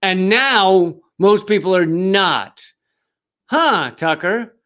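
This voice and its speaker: A man's voice: sits high, animated, extremely slow, sharp tone. A male comedian host delivering a heated, profane, sarcastic political rant.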